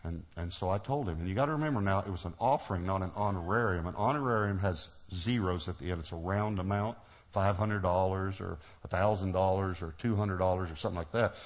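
Lower-pitched man preaching an animated story sermon. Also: fast. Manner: animated storyteller, acts out dialogue, laughs often.

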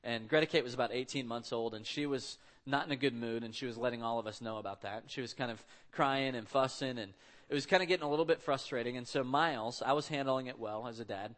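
Male pastor, thirties, bright, pressing delivery, casual storytelling sermon. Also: medium pitch, fast talker. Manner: conversational storytelling, acts out quotes.

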